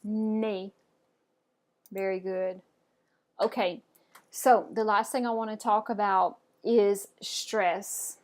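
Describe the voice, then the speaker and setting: A woman's voice: mid-range voice, steady tone, slow, a little mellow. A woman teaching French pronunciation in an online lesson. She speaks patiently and encouragingly, often checking in with "okay?" and praising learners. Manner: patient, encouraging, with frequent "okay?" and "all right".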